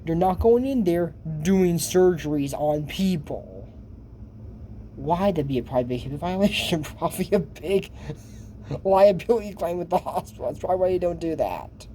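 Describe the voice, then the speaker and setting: Rambling man with a mellow voice. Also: a little high, animated, normal speed, slight background noise. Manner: rambling, chatty, full of asides and fillers. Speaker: video host recapping a cartoon episode. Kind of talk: casual commentary.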